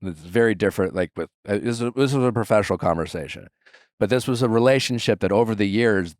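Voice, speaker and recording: A man's voice: on the low side, quick pace, no echo. Podcast host guy, blunt and emphatic, swears a lot, dry close mic. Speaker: podcast host giving advice. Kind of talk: casual advice chat.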